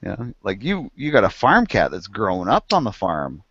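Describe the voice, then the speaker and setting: A man in casual chat who tells farm and hunting stories. He laughs often and acts out the animals and people in them. His pitch swings widely and the sound is dry and muffled. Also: huge pitch swings, moderate pace, a bit bright, breathy edge, no echo.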